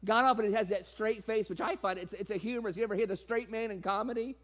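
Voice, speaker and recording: A man's voice: fairly even intonation, fast, a bit bright. A man preaching a sermon, laughing often and playfully acting out the people in his reading. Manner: acts out quoted voices with sudden pitch jumps.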